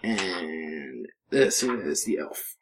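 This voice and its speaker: A man narrating as game master in a tabletop game, with many pauses and fillers. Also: sits low, lively intonation.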